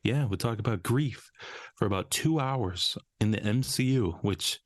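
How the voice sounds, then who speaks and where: A man's voice: on the low side, lively intonation, unhurried, no room sound. A young man from Minnesota hosting a casual podcast, joking, laughing often and swearing casually. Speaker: podcast host.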